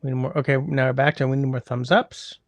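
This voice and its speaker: A man hosting a casual livestream from a close mic, chatty and rambling with wry asides to his viewers. His voice is gravelly at a middle pitch, and the sound is dry and close. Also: steady tone, fast talker, dry recording. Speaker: livestream host reading chat.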